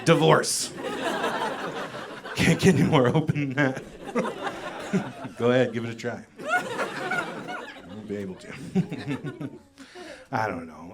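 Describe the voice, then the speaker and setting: A man doing a stand-up comedy set on stage in a comedy club, with wry, deadpan asides that trail off. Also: medium pitch, background noise.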